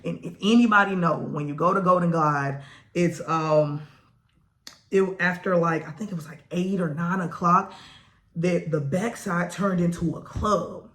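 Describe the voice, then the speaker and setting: A young woman vlogger telling a personal story in casual slang, animated, with big swings in pitch and loudness. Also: a little slow.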